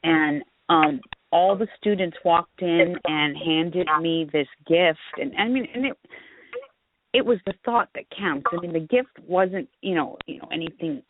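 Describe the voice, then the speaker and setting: A woman's voice: lowish voice, a little slow. A woman hosting a talk radio show, chatting casually and gushing over her guest. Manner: gushing, chatty, warm-hearted asides. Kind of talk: casual phone interview chat. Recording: tinny phone line with faint hiss.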